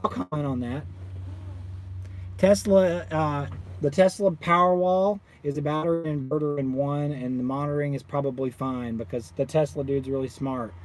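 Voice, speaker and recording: A man who runs a solar installing business, ranting casually to viewers with animated exasperation. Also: fairly high pitch, a little hiss or hum. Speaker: solar installer, channel owner.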